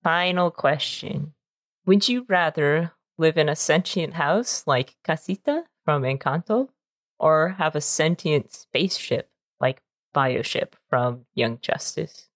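Low-voiced lively woman co-host, dry sound. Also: slow pace, dry recording. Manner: playful, teasing, lots of filler words. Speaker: podcast co-host. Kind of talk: casual chat.

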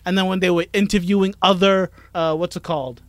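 A man with a high-pitched voice, co-hosting a podcast and trading playful banter. The recording is dry and close. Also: steady tone, a little fast, no room sound. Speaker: podcast co-host. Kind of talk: casual chat.

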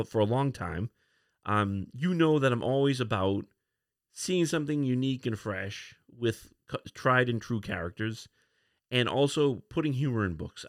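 A man's voice: medium pitch, no room sound, studio quality. A man hosting a casual solo podcast, rambling through a comic review with many restarts and fillers. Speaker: podcast host.

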